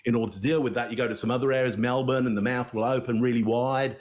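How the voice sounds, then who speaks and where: A man giving casual panel analysis of body language in a deliberate way, often pausing on fillers. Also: medium pitch, steady tone, darkish tone.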